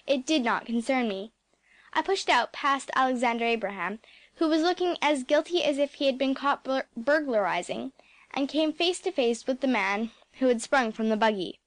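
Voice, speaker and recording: A woman's voice: fairly high pitch, no echo. A woman narrating a first-person story, reading expressively with dramatic touches and whispered asides.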